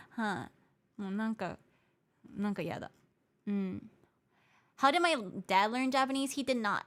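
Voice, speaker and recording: A woman's voice: on the high side, lively intonation, measured pace, long pauses. Chatty bilingual woman streamer. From Hawaii. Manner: switches between English and Japanese mid-sentence; chatty, explains things patiently and repeats points. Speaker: VTuber streamer. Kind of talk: casual livestream chat, reading viewer comments.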